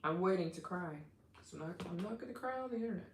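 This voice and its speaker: A woman chatting on a live stream, gushing and excitable, her speech full of "like." Her voice sits on the lower side, and the room around her rings with echo. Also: quick pace, slight background noise. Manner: effusive and excitable, heavy use of "like". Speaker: travel vlogger hosting a live stream. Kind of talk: casual live-stream chat with viewers.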